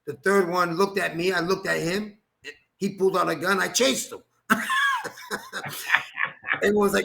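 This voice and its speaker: A man telling a personal story as an interview guest, animated, acting out quoted dialogue and laughing often. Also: sits high, moderate pace, gravelly, long pauses. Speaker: guest, former boxer.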